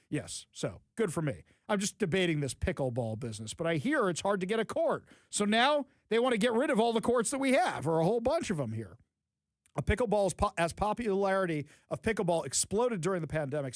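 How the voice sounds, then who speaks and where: Middle-aged guy hosting a talk show, high lively voice, acts out quotes, dry close mic. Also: dry recording. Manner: animated storyteller, acts out quotes. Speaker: radio talk show host. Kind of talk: casual chat.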